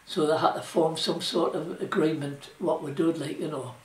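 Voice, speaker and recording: Older geordie man, rambling oral history, fairly high voice, roomy echo, distant mic. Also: fairly even intonation, moderate pace, darkish tone. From South Shields, England. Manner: rambling, colloquial, with fillers like "you know" and "like". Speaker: interviewee, former shipwright.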